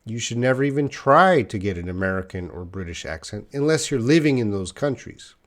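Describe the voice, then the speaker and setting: A man's voice: fairly low pitch, animated, fairly quick. A man teaching a live online English lesson, patiently explaining grammar and answering viewer questions.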